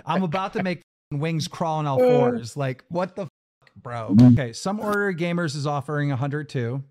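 Man, high voice, very lively pitch, exasperated live-stream rant, swearing. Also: normal speed. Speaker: podcast host.

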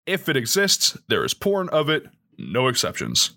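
Bright, lively young man co-hosting. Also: on the high side, moderate pace. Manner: animated, reads rules aloud with jokey asides. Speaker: podcast co-host. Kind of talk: casual chat.

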